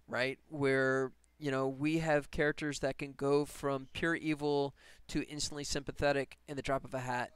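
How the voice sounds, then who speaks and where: Man, casual stream chat, smooth tone, higher pitch, rambling, laughs often. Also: dry recording. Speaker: game developer streamer.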